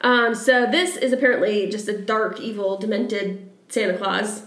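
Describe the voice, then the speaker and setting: A woman's voice: medium pitch, steady tone, normal speed, fairly bright tone. A young woman co-hosting a podcast, telling folklore in a chatty, giggly way. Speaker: podcast co-host. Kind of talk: casual chat. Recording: roomy echo.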